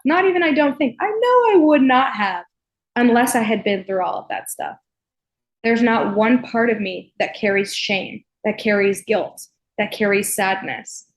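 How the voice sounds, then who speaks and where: A young woman hosting her own podcast, talking earnestly and warmly to listeners, with frequent "like" fillers. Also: a little high. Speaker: podcast host. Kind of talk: personal solo podcast.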